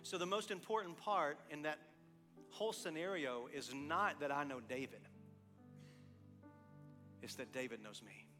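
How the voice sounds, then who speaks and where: High, bright-voiced pastor preaching. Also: male voice, unhurried, pauses often, long reverb tail, faint music behind. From East Texas. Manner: animated storytelling, acting out both sides of dialogues, then quiet earnest appeal. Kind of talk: sermon.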